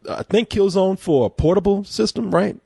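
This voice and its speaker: A man's voice: high-pitched, moderate pace, creaky, mellow, husky, dry recording, clean studio sound. A man hosting a video game podcast, talking in loose, joking banter and swearing freely. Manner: profane, joking, laughs often. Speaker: podcast host reviewing a game.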